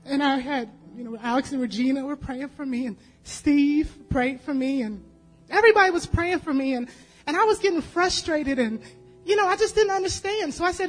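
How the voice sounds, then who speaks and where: A woman's voice: high-pitched, normal speed, soft background music, poor audio. A woman giving a personal testimony at a church service, telling her story casually with lots of fillers. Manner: chatty, storytelling, many fillers.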